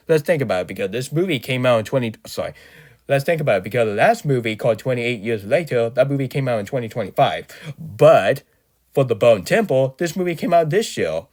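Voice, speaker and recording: A man with a sick voice giving a rambling, casual movie review as host of his channel, often correcting himself and ranting in exasperation. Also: medium pitch.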